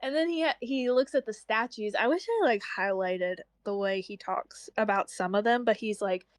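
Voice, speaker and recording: With a mid-range voice at a moderate pace, this young woman co-hosts a book club stream. She chats animatedly and casually, performing lines from the story and using plenty of "like."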